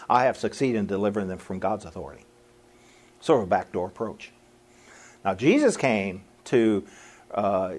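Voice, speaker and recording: A middle-aged man preaches in a folksy, conversational way, chuckling at his own remarks and putting on quick voices for quoted people. His husky voice swoops up and down with lively pitch. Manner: folksy and animated, laughing at his own lines and acting out quotes. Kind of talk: sermon to a live audience.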